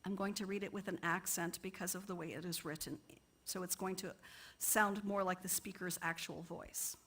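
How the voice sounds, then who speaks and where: A woman's voice: lowish voice, steady tone, normal speed, a bit bright, slightly rough. A woman poet giving an earnest talk in a church, now and then stumbling over words. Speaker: lay speaker and poet.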